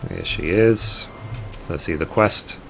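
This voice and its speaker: A man with a very low voice talks through a game walkthrough, thinking aloud in a casual way and reading out quest text. Faint game music plays behind his voice. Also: slow pace, fairly bright tone. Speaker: gaming guide creator.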